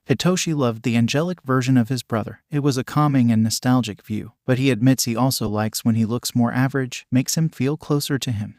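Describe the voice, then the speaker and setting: A man narrating a fan fiction story in a plain, even storytelling read. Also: medium pitch, brisk, hardly any pauses, no room sound, studio quality. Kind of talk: reading fan fiction aloud.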